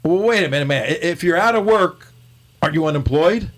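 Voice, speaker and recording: A man's voice: fairly high pitch, animated, fairly quick, fairly bright tone, voice pushed up. A man playing a confused comedian in a double-act sketch, firing bewildered questions. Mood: baffled. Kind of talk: reading a comedy sketch script.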